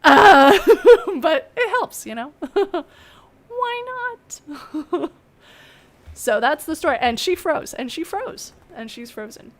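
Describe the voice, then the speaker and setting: A young woman on a video call telling a story casually, chatty and laughing often, with dark humor. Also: sits high, big pitch swings, slow pace.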